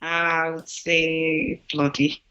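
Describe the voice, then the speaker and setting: A Scottish woman speaks as a podcast guest in a bright, clear tone that sits a little low. She gives short, measured answers in a casual interview. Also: level tone, a little hiss or hum, rough recording. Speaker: guest entrepreneur.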